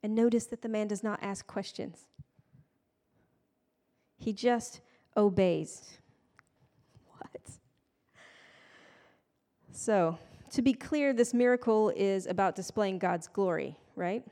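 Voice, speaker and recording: A woman's voice: medium pitch, slow, pauses often, mellow. A woman giving a casual, conversational sermon with playful, self-deprecating asides. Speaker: preacher. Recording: long hall reverb.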